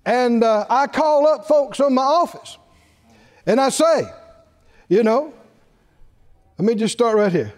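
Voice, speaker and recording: An extremely high-pitched, animated man preaches a sermon in a reverberant hall, speaking a little slowly with long pauses and a slightly mellow tone. He tells stories with animation, laughs at his own jokes, and acts out the voices he quotes.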